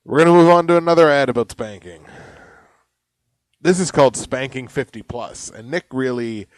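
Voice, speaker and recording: A young man co-hosting a comedy podcast, joking around and reading ads aloud with mock yelling. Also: medium pitch, normal speed, no room sound. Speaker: podcast co-host. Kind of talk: casual comedic chat.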